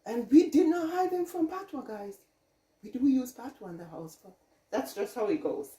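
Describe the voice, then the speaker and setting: A woman's voice: a little high, expressive, normal speed, mellow. A middle-aged Jamaican woman vlogging from her home kitchen, chatting casually, rambling and laughing often. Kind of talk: casual chat. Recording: echoey room, mic at a distance.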